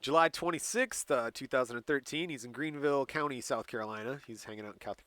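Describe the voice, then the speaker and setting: A man's voice: medium pitch, fast talker, fairly bright tone, no room sound. A man hosting a podcast, telling a crime story in casual chat and laughing often as he reads out dates and places. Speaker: podcast host.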